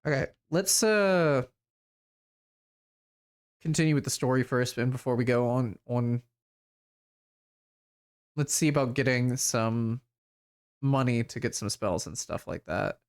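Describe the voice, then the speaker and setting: A man streaming a video game, chatting casually and reading its text aloud in a relaxed, hesitant way. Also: mid-range voice, slow pace, long pauses, clear, resonant tone.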